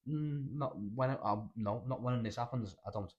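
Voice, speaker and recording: A young man with a Scouse accent telling rambling, animated stories in casual podcast chat, full of slang and swearing. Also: mid-range voice, normal speed, slightly rough, muffled recording. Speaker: podcast host.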